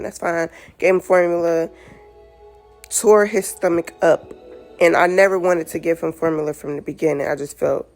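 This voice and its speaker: A woman's voice: low voice, vocal fry. A woman talking candidly to her camera as a new mother, exhausted, with many "like"s and "you know"s. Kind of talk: casual talk to camera.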